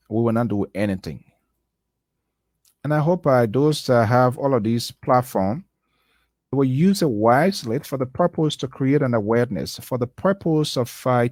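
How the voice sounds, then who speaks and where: A man's voice: medium pitch, darkish tone, dry recording, studio quality. A man, speaking as a guest on a radio talk show in an impassioned, preachy tone that drives points home by repeating them. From Liberia. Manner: preachy, emphatic, repeats key phrases. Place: radio studio.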